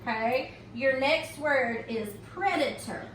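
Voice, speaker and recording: High-voiced lady teacher going slow over phonics, sounds a bit far from the mic, roomy echo. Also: fairly bright tone, a little hiss or hum. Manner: slow and patient, checks in with "okay?". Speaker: reading teacher. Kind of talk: recorded phonics tutorial. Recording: echoey room, mic at a distance.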